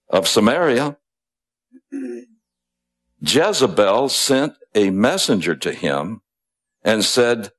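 A man preaching a sermon, retelling a story in a conversational way with asides and small chuckles. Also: mid-range voice.

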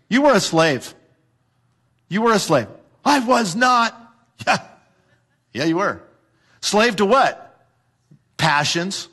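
A man's voice: high voice, a bit bright. A man preaching a sermon to a congregation in a church, emphatic and repetitive, asking rhetorical questions. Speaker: pastor.

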